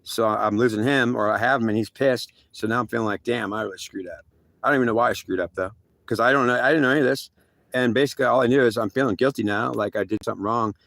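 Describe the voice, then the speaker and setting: A man tells a long first-person story at a fast clip, his voice rough with fry. He stumbles and restarts often, and he mimics other people's remarks in quick back-and-forth. The sound is dry and close, with no room around it. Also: mid-range voice, a bit bright, dry recording. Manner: halting, repetitive, many restarts.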